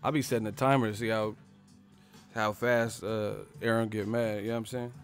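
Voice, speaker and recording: A man's voice: on the low side, little pitch movement, a little fast, soft background music. A man hosting a casual live boxing chat, brash and profane, talking with frequent laughs. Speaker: boxing channel host. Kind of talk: casual live-stream commentary.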